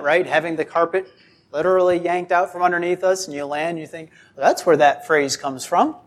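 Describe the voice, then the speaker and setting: A man preaching a sermon, speaking deliberately with frequent rhetorical questions and acted-out quotes. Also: on the high side.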